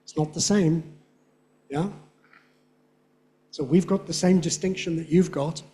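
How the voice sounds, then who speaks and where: A man giving a conference lecture on speech. He talks in a chatty way, checks in with "yeah?" and says his examples slowly and clearly. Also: fairly high pitch, steady tone, warm tone, a little hiss or hum. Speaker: guest lecturer on English phonetics. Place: lecture hall with an audience.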